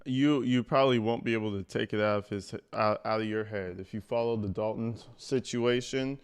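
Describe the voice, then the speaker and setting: A man's voice: on the low side, steady tone, normal speed, a little hiss or hum. A man streaming live, reacting to a video with blunt, mocking and profane commentary.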